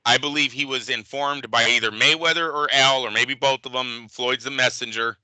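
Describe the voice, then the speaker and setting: A man co-hosting a boxing podcast, talking casually in an animated, profane, emphatic way. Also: mid-range voice, normal speed, dry recording, rough recording. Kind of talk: casual sports chat.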